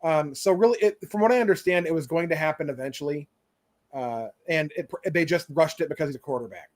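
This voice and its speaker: A man with a fairly high voice chats earnestly on a video call for a fan podcast. He circles back and restarts his sentences while he hunts for the right words, which gives him a thinking-aloud manner. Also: fast talker. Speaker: podcast co-host. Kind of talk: casual chat.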